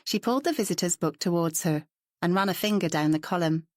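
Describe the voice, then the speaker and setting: A woman narrates a novel in a calm, even storytelling manner. Her voice sits low for a woman. The recording is close and dry. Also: fairly quick, dry recording. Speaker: audiobook narrator. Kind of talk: scripted narration.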